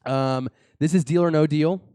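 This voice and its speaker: A young man hosting a casual live podcast. He talks in a loose, joking way, full of fillers and restarts. His voice is smooth and clear, recorded close and dry. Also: a little high, moderate pace, mellow, no echo. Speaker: podcast host. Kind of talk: casual live-show chat.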